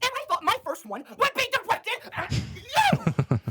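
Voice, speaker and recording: A man playing an unhinged online vlogger character who rants, shouts and threatens in a shrill voice, heard as a clip. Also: wildly swooping pitch, measured pace, heavily acted. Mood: ranting. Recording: loud noisy clip playback.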